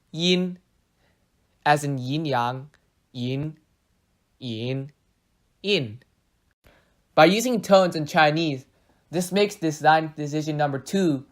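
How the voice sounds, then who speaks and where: Narrator for a language lesson, bright tone, steady explanatory read, voice-over. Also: mid-range voice. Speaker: teacher. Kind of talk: scripted narration.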